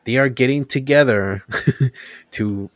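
A man's voice: medium pitch, slow, no echo. A young man in casual podcast chat, telling stories with animation and acting out what others said. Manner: animated storytelling, acts out quotes.

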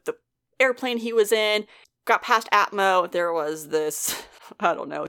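A woman's voice: fairly low pitch, a bit bright. A woman co-hosting a podcast, giving a casual, laughing recap of a TV episode and swearing freely. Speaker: podcast co-host.

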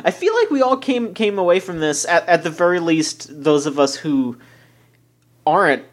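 A man's voice: on the high side, big pitch swings, normal speed. Man, podcast host, casual chat, rambling, fillers and restarts, reads listener questions.

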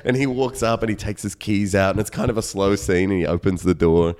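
A man's voice: little pitch movement, a little fast, few pauses, smooth. A man hosting a casual movie podcast, acting out imagined scenes as stories. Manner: storytelling, acts out dialogue with big pitch swings. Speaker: podcast host. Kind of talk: casual chat.

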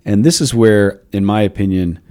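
A man's voice: lowish voice, normal speed, a little mellow. A man hosting a casual, reflective discussion, thinking aloud with frequent restarts. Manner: thoughtful, with frequent restarts and musing asides. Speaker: podcast host.

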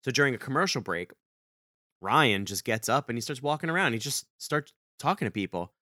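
A man co-hosting a podcast, telling a story in casual chat and acting out the quoted dialogue with big leaps in pitch. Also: lively intonation, brisk, sharp tone, no echo, studio quality. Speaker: podcast co-host.

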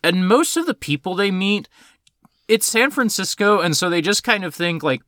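Lively, bright-voiced podcast co-host man. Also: sits high, normal speed, dry recording, clean studio sound. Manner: animated, swears freely, laughs often, many fillers. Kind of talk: casual film discussion.

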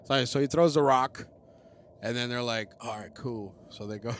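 Man, casual chat, profane, rambling, mid-pitched, faint background noise. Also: moderate pace. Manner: profane, rambling, acts out characters in voices. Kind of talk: casual movie-recap chat.

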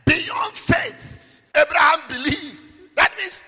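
High-pitched shouting pastor. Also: male voice, expressive, slow. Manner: preaching with call-and-response, sing-song shouting. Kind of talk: sermon. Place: church. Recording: long reverb, faint music behind.

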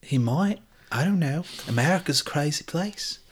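A man's voice: on the high side, expressive, moderate pace, breathy edge. A man playing a blunt, bumbling British man in an improvised comedy bit, with a put-on British accent. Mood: gossipy. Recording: loud background noise with clicks.

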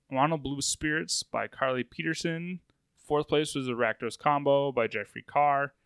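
A man's voice: mid-range voice, a bit bright, clear, resonant tone, no echo. A man co-hosting a podcast, running steadily through tournament results in a casual way, his voice wearing out. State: voice going out. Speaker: podcast co-host. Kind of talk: casual chat, reading results.

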